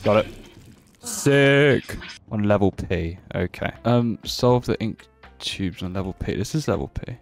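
A man's voice: on the low side, unhurried, faint music behind. A young man giving casual, joking commentary while streaming a horror game. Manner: joking, playful, excitable.

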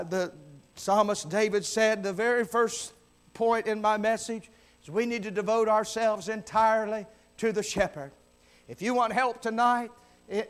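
A man preaching a revival sermon in a church, building from calm talk to shouted, fervent preaching. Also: high voice, smooth. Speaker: visiting preacher. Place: church sanctuary.

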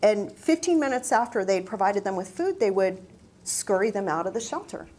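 A woman's voice: big pitch swings, moderate pace, a little mellow. A middle-aged woman giving a reflective personal talk, telling stories and acting out remembered conversations. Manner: reflective, acts out quoted dialogue with raised pitch. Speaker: university staff speaker.

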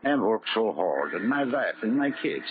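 An actor playing a humble, hardworking sailor who dreams of a farm, speaking earnest broken in a 1930s radio drama. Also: male voice, lowish voice, very animated, normal speed, a crowd in the background. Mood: wistful. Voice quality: broken English, pleading. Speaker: ship worker. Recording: tinny 1930s radio broadcast, hiss.

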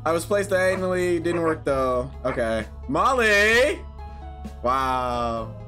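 Young guy yapping thru a scary game, kinda high voice, cursing a lot, faint music under it. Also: animated, normal speed. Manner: jokey, profane, reads game text aloud. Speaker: gaming YouTuber. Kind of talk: horror game playthrough commentary.

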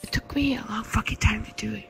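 Hoarse foul-mouthed woman. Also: on the high side, steady tone, fast, a bit bright, faint music behind. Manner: foul-mouthed, mock-angry. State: hoarse, lost voice. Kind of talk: casual chat.

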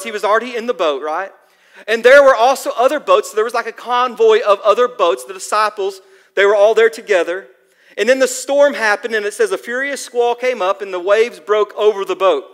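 A man preaching a sermon in a church hall, telling the story in a lively, casual way with plenty of fillers. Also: extremely high pitch, fairly quick. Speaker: pastor.

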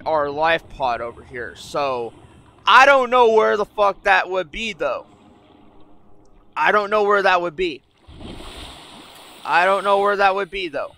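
A man's voice: high-pitched, vocal fry, sharp tone. A young man giving casual gameplay commentary, thinking aloud, getting frustrated and swearing often. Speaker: gaming YouTuber.

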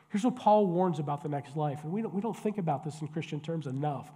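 A man's voice: on the high side, fast talker, dark tone. A man in his forties, a pastor preaching a sermon in a church sanctuary, talking conversationally with jokes and direct questions to the congregation. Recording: long church hall reverb.

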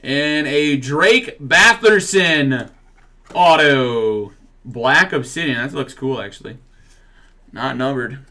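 A man's voice: medium pitch, slow, pushed and bright. A man hosting a live card break, joking around as he calls out each card and its print run. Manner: playful, jokey, calls out cards and numbers. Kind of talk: live card break banter, reading cards.

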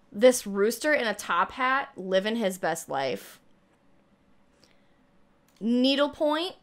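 A young woman reacting to a trailer and reading it aloud, gushing and a little out of breath. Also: fairly high pitch. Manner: gushing, squealing with excitement. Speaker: gaming YouTuber reacting to a trailer.

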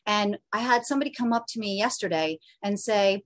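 A woman's voice: medium pitch, fairly quick, few pauses, no echo. A woman giving earnest, pleading testimony at a remote council hearing over a video call. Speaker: public testifier. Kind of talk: impassioned public testimony.

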